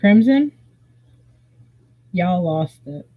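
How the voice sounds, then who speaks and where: Slow, husky live stream storyteller. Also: mid-range voice. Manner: rambling, animated, swears freely. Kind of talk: casual storytelling. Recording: tinny phone-like audio.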